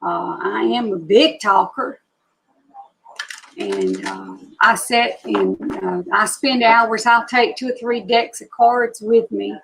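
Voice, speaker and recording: A woman's voice: mid-range voice, animated, creaky, fairly bright tone, slight background noise, low-quality recording. A woman in her sixties with an Alabama Southern accent, chatting casually with viewers as host of a live psychic reading stream. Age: 60s. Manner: chatty, slow Southern drawl, greeting viewers by name.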